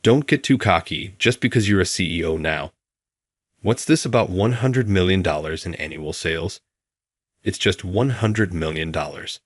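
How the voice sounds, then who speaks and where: A man voicing a shrill, spoiled, mean middle-aged woman who accuses and demands. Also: husky, dry recording, clean studio sound, full character voice.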